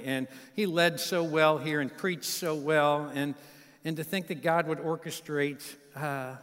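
A man in his fifties, preaching as a guest pastor, shares a folksy story with warm asides for the congregation. His voice sits on the high side and is clear and resonant, echoing with live reverb in a large church sanctuary.

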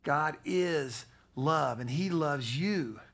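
Slow, emphatic male pastor preaching. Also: on the high side, lively intonation, vocal fry. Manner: preaching with emphatic repetition, dropping soft at prayer. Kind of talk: sermon.

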